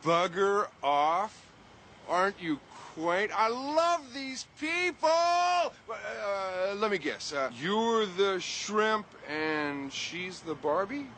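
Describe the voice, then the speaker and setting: An actor playing a brash, teasing biker in a TV drama. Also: male voice, high-pitched, expressive, very slow, a bit bright, slight background noise, full character voice. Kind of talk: TV drama acting.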